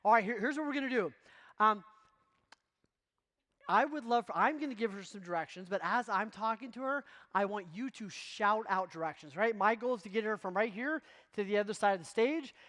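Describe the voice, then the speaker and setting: A man giving a motivational keynote to real estate agents, energetic and constantly checking in with the audience. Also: high-pitched, a little fast, long reverb tail. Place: conference stage before a live audience.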